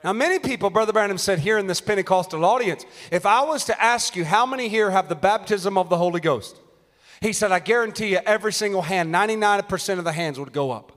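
A young man preaching an impassioned sermon in a church, shouting at the peaks and quoting scripture. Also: high voice, lively intonation, fast. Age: young adult. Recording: long hall reverb.

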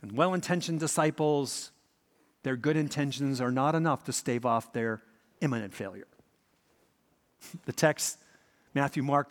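Animated preacher in a reverberant church. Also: male voice, on the high side, normal speed, pauses often. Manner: dramatic, vivid storytelling with repeated key points. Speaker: pastor. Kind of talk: sermon.

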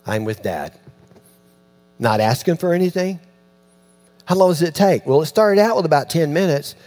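Animated storytelling preacher, man. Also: on the high side, normal speed. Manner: animated storytelling, acts out voices, dropping to near-hushed tones. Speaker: pastor. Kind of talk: sermon.

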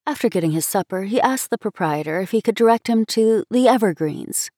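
A woman reading a classic story aloud in an expressive, measured way. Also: medium pitch, no room sound, studio quality. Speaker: story reader. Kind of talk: storybook narration.

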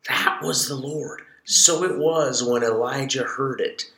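A man co-hosting a ministry podcast, teaching from scripture in an animated way and dramatizing the verses with shifting voice. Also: mid-range voice, unhurried, creaky, echoey room, slight background noise. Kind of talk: conversational Bible teaching.

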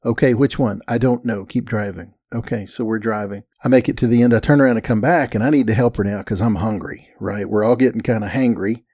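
A man's voice: on the low side, quick pace, few pauses, darkish tone, no echo, studio quality. A man telling a family story in a folksy, self-deprecating way. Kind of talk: casual storytelling.

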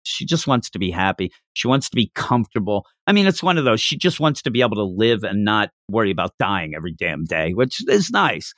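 A man casually talking through a manga story, animated and slipping into voices for quoted lines. His pitch swings widely. The recording is close and dry, with no room sound. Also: a little fast, few pauses, dry recording. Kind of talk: casual chat reviewing a manga.

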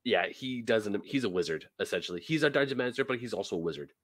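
A man co-hosting a podcast, talking enthusiastically and haltingly, restarting his sentences. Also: lowish voice, expressive, fairly bright tone, dry recording. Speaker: podcast co-host. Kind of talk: casual chat on a live-streamed podcast.

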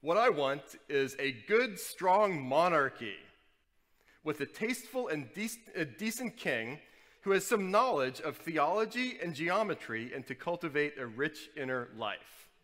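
Guy doing a pompous bellowing know-it-all, pitched up, loud, big echoey hall. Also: big pitch swings, a little slow. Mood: indignant. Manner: bellowing, grandiloquent. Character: pompous bellowing overeducated huge man, perpetually indignant.

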